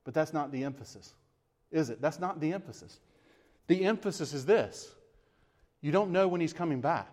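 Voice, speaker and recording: A man's voice: a little high, animated, normal speed, pauses often, darkish tone. A man preaching a sermon as pastor, earnest and emphatic with repeated phrases, then leading a closing prayer.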